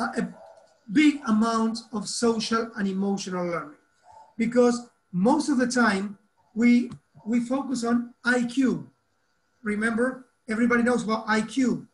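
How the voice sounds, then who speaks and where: A man from Argentina, a teacher trainer giving an online workshop talk over a video call, deliberate and quizzing his audience. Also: sits high, rough recording.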